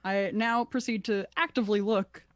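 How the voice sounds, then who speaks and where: A woman at mid pitch plays a tabletop role-playing game, describing her character's spells in an easygoing way with frequent giggles. The sound is dry and close. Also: fairly even intonation, moderate pace, no echo. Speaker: player. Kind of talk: casual tabletop role-play.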